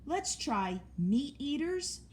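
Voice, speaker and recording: A woman's voice: sits high, big pitch swings, takes it slowly, darkish tone, slight background noise, pitched above the performer's own voice, exaggerated voice. A woman voicing a helpful, organized rabbit who speaks in a practical, polite way.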